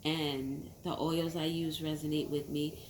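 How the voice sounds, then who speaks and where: A woman's voice: sits low, flat delivery, a little slow, darkish tone. A middle-aged woman, a tarot reader, talking in a rambling, heartfelt way, now and then close to tears. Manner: rambling, heartfelt, tearful at times. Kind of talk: casual monologue to camera. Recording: echoey room, faint background hum.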